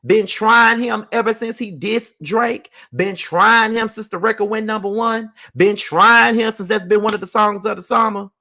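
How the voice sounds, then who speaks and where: A man's voice: high voice, normal speed, hardly any pauses, sharp tone. A man hosting his own vlog, ranting heatedly with plenty of profanity and repetition, speaking from home. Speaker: vlogger host. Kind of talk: casual ranting vlog commentary.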